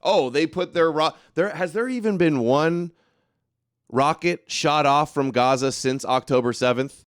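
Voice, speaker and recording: A man with a fairly high-pitched, smooth voice speaks at a measured pace in a dry, studio-quality recording. He hosts a casual political commentary livestream, sarcastically mocking, reading viewers' comments aloud, and ranting indignantly.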